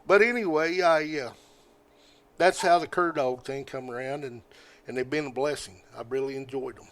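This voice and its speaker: An older man, a podcast guest telling stories in a folksy, rambling way, often halting with fillers. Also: medium pitch, steady tone. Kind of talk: casual storytelling.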